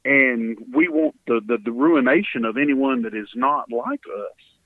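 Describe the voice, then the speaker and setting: A man's voice: mid-range voice, very animated, a little slow, no room sound. A man with a Texan accent, a guest telling an earnest, emotional story from his relief volunteering. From Texas. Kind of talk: storytelling in an interview. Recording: dry, phone-like sound.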